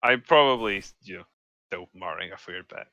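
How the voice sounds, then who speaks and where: A man's voice: sits low, moderate pace, pushed and bright, dry recording, highs cut off. A man playing a tabletop game, speaking hesitantly with restarts. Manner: hesitant, stammering. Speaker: player.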